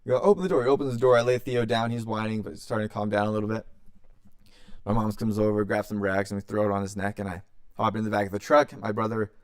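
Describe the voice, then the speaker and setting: A young man tells a story on his podcast in a smooth, fairly low voice. He swears freely and acts out what everyone said. The sound is close and dry. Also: level tone, quick pace, no room sound. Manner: loose and profane, acting out quotes. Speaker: podcast host. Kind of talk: casual storytelling.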